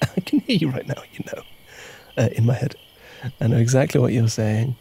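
A man's voice: medium pitch, expressive, normal speed, vocal fry, warm tone, a little hiss or hum. A man, playing an agent who tells a long, rambling, playful story in an audio drama. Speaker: agent leaving a voicemail. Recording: music playing behind, crickets.

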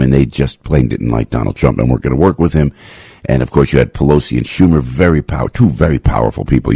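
Husky deep-voiced man ranting on talk radio. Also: mellow, no room sound. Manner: ranting, repetitive, sudden jumps to a high pitch. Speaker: radio talk show host. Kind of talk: opinionated talk radio monologue. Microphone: studio radio microphone.

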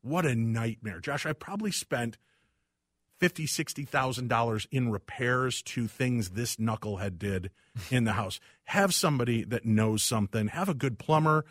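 A man hosting a casual talk show, telling animated, self-deprecating stories about his house. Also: mid-range voice, moderate pace, no room sound, studio quality. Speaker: radio show host. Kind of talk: casual chat.

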